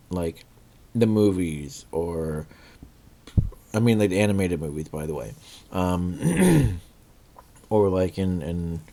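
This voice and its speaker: Male reviewer, deep mellow voice, loose rambling delivery full of ums, frequent coughs. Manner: rambling, many fillers and restarts; clears throat and coughs often. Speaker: movie reviewer. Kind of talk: casual spoken review.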